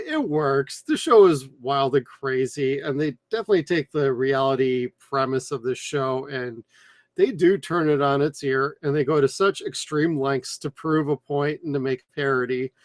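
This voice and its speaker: A man with a mid-range voice and normal speed co-hosts a podcast, chatting casually and enthusiastically while rambling a little as he reviews a cartoon series. The recording is dry.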